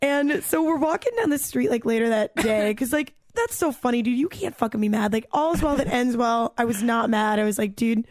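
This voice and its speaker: A young woman telling a story in casual chat, animated, peppered with "like" and "dude" and swearing freely. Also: fairly high pitch, brisk, hardly any pauses, no echo, studio quality.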